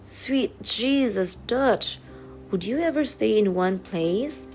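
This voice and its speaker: A man's voice: high voice, fairly even intonation, measured pace, vocal fry, darkish tone, soft background music, pitched above the performer's own voice. A woman voicing a brash, blunt teenage boy who teases and scolds. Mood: exasperated. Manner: blunt and teasing.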